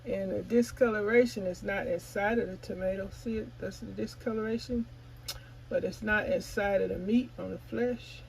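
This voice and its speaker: Gesprächige Frau, die ihr Publikum direkt anspricht. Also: female voice, medium pitch, steady tone, moderate pace, creaky, darkish tone, slight background noise, poor audio. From California. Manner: chatty, addresses viewers as y'all; talks while chewing. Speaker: gardening vlogger. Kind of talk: casual vlog chat.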